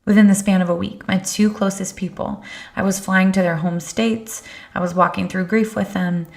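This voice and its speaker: A woman's voice: medium pitch, fairly even intonation, normal speed, gravelly. A middle-aged woman speaking as a podcast guest, telling personal stories in an earnest, reflective way. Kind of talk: candid conversation.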